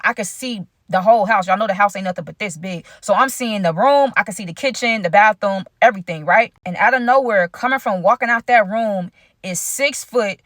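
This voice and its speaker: A young woman recounts a wild personal story to her viewers in an animated, chatty way, using lots of slang. Her voice is close and dry, with no room around it. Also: mid-range voice, dry recording. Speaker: vlogger telling a story. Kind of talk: casual storytime vlog.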